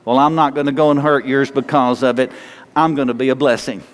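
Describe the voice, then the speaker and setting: A man's voice: mid-range voice, fairly even intonation, fairly quick. A man preaching a sermon and leading a closing prayer, fervent and repeating phrases for emphasis. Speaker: pastor. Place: church sanctuary. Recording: long hall reverb.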